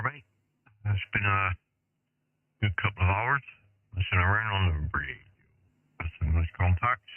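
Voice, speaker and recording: An English man chatting easily with a friend over ham radio, matey and relaxed. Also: low voice, dry recording, phone-quality sound. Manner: easygoing, matey. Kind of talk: casual radio chat. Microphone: radio transceiver mic. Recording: thin radio transmission audio.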